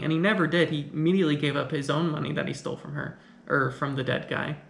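A man's voice: on the high side, steady tone, quick pace, gravelly, a bit bright. A man casually recapping and commenting on an old film, talking in a loose, rambling way with frequent restarts. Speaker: film reviewer. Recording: echoey room.

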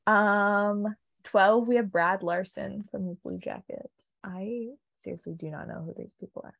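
A woman's voice: medium pitch, unhurried, vocal fry, fairly bright tone, no echo. A young woman co-hosting a casual chat, opinionated and joking, with lots of ums. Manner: chatty, opinionated, frequent ums and laughs.

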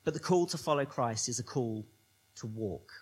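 A man's voice: medium pitch, animated, normal speed, breathy edge. A man preaching a sermon as pastor, building emphatic repetitions.

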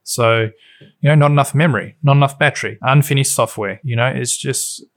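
A man's voice: mid-range voice, a little fast. A man co-hosting a casual tech podcast, talking in a rambling, nostalgic way with lots of fillers. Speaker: podcast co-host.

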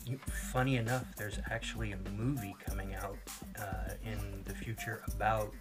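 Rambling lower-voiced man, casual show chat. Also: normal speed, loud music behind the voice. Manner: rambling, animated storyteller with many restarts. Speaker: podcast co-host.

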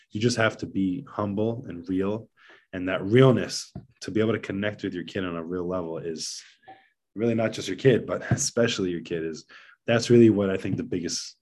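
A man's voice: deep voice, darkish tone. A middle-aged man talking earnestly as a podcast guest about fatherhood. He often repeats words and restarts his sentences. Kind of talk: casual podcast conversation.

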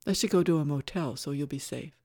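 A woman's voice: low voice, fast, dark tone, dry recording. A wary young woman shaken by an accident, read by a woman narrator sounds earnest and anxious. The voice stays near the reader's own, recorded close and dry for an audiobook.

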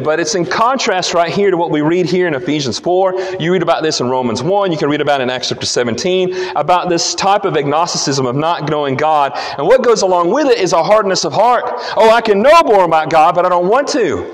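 A man's voice: on the high side, long reverb tail. A man giving an earnest expository sermon as a preacher, often restarting his phrases while he explains the text. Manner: earnest teaching, frequent restarts.

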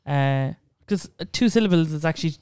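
A woman's voice: deep voice, expressive, brisk, a little mellow, clear, resonant tone, no room sound. A young woman with a Cork accent, co-hosting a podcast in casual, chatty talk, laughing often. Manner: chatty, laughs often, playful name-mimicking. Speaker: podcast co-host. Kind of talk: casual chat.

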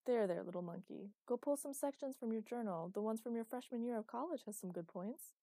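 A woman voicing a wry, gently teasing young man in an audiobook, with a mellow voice. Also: on the high side, a little fast, no room sound, voice pushed up. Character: dry, teasing young man, patient partner.

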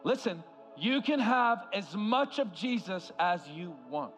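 A man preaching an impassioned sermon as a guest speaker, swinging from loud cries to hushed words. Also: sits high, animated, slow, faint music behind. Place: large church hall.

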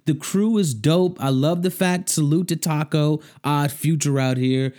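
A man's voice: on the high side, a little slow, dark tone. A man talking casually about a TV show, rambling and repeating himself, with heavy slang and growing emotion. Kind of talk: casual chat.

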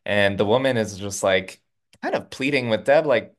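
A man co-hosting a podcast, casually recapping a TV episode and quickly acting out the characters' lines. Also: lowish voice. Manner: retells scenes with quick quoted lines. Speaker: podcast co-host.

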